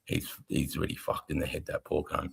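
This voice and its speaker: A middle-aged Australian army veteran co-hosting a casual live stream, blunt, rambling and heavily profane. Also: male voice, very deep voice, completely flat delivery, normal speed, vocal fry, breathy edge. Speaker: livestream co-host, army veteran.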